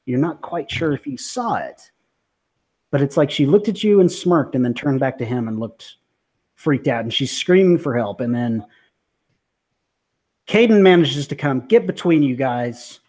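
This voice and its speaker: A man's voice: medium pitch, animated, a little slow, long pauses, darkish tone. A man acting as game master, narrating a tabletop game in a casual, vivid way.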